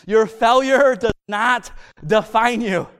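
In this sermon, a male preacher with a clean tone and a voice pitched high for a man tells stories with animation and emphasis. He slows to hammer the key lines, and each phrase trails off into the hall's long reverb.

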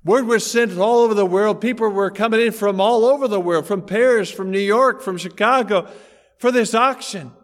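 A man's voice: sits high, normal speed. A man preaching a sermon, telling a story with dramatic emphasis and putting rhetorical questions to his congregation. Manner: dramatic storytelling, acting out characters' lines.

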